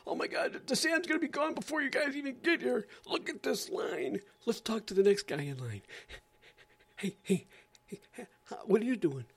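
A man's voice: extremely high pitch, lively intonation, normal speed, vocal fry, husky, voice pushed up, exaggerated voice. A man playing a frantic, overexcited TV news reporter in a comedy rant. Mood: panicky. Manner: breathless, overexcited, panicky.

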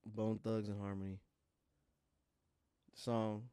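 A man co-hosting a sports podcast, playful and animated, repeating lines for emphasis. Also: fairly low pitch, takes it slowly, clean tone, no room sound, clean studio sound. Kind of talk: casual sports chat.

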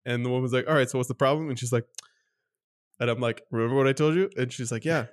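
Man, podcast co-host, casual storytelling, animated, pitch leaps when exasperated. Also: fast.

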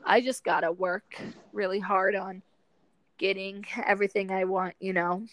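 A young woman co-hosting a casual chat, animated and chatty, swearing freely while she does chores. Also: mid-range voice, normal speed, poor audio. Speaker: podcast co-host.

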